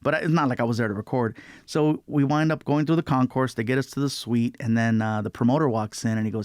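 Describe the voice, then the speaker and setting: Man, comedian guest, animated storytelling, mid-pitched, dry close sound. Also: fast talker, hardly any pauses, no room sound. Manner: animated, acts out quotes in put-on voices. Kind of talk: storytelling chat.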